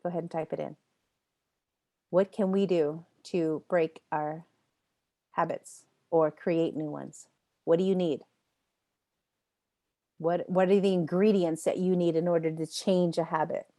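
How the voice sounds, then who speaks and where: Yoga teacher-training instructor, woman with a lowish voice, chatty and emphatic, answers students by name. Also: fairly even intonation, unhurried, long pauses, warm tone. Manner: emphatic, repeats phrases for effect, laughs often. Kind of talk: live online class lecture.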